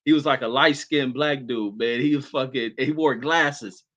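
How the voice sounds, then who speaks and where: A man's voice: mid-range voice, moderate pace, a bit bright. Cussing man on a dull line. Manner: profane, loose reminiscing. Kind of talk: casual chat.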